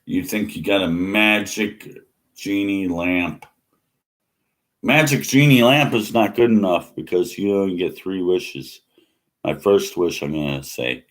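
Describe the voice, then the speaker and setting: A man's voice: deep voice, measured pace, vocal fry. A man ranting scornfully in a monologue, mocking and repeating himself. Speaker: atheist vlogger.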